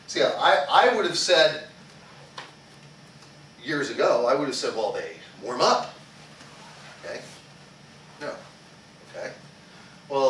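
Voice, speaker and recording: A male martial arts instructor leads a small class in a karate school training hall, tacking "okay?" onto nearly every sentence, quizzing the group, and leading chants. His voice is medium-pitched and a bit bright. It was captured from a distance in an echoey hall with background noise.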